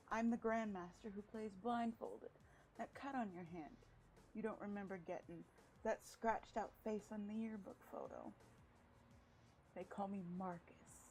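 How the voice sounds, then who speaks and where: A woman voicing a smug, theatrical male vampire who speaks slowly and emphatically like a preacher. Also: medium pitch, a little mellow, natural voice, poor audio. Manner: slow emphatic preacher-like delivery.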